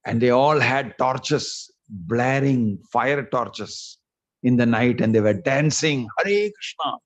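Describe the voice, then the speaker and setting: A man's voice: mid-range voice, slow pace, low-quality recording. Man telling a sermon story. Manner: animated storytelling with voiced quotes and jokes. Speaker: monk giving discourse.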